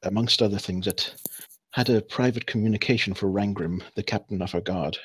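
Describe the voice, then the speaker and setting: A man voicing an injured woman who speaks flatly and without emotion in a tabletop game. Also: on the low side, brisk, slightly rough, no echo. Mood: flat, dazed. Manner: flat, emotionless storytelling.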